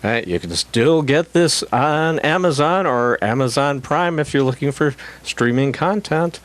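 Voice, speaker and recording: Wry, deadpan middle-aged actor guest. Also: male voice, a little high, measured pace. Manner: wry, deadpan self-mocking humor. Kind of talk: casual chat.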